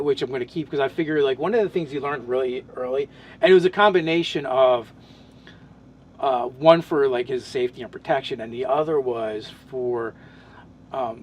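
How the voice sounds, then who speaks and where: A man's voice: medium pitch, slight background noise. A man in casual podcast chat, describing his tabletop game character, talking in loose, rambling sentences full of restarts and fillers.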